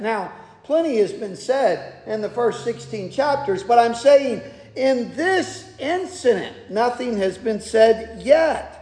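A man's voice: very high-pitched, a little mellow. A man preaching an expository sermon in a conversational way, often restarting and repeating words. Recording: echoey hall, long reverb.

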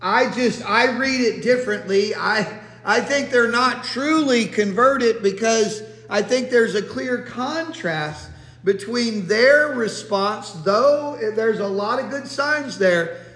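A man giving a Bible teaching sermon in a relaxed, conversational way, full of restarts and asides. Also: very high-pitched, slow pace. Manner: conversational, many restarts and fillers. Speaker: preacher. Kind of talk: expository sermon. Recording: echoey hall.

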